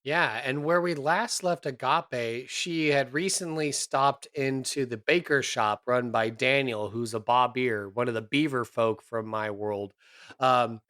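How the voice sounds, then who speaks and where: Male player narrating his character, animated and rambling. Dry recording. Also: mid-range voice, clean tone, dry recording. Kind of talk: tabletop game role-play.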